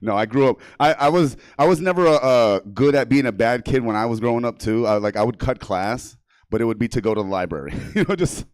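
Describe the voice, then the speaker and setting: A man's voice: mid-range voice, animated, fast, a little mellow, clear, resonant tone, no echo. Crude, self-amused male stand-up comic. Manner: crude, laughing at his own jokes. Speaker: stand-up comedian. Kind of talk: stand-up comedy. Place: small comedy theater stage.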